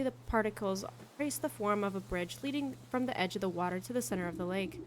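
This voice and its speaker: A young woman streamer reading game text aloud as she plays, expressive, with loose chatty asides. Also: mid-range voice.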